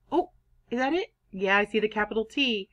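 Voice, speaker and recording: A woman teaching a kindergarten reading lesson, sounding out words in an animated, drawn-out way. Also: medium pitch. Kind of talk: online phonics lesson for young children.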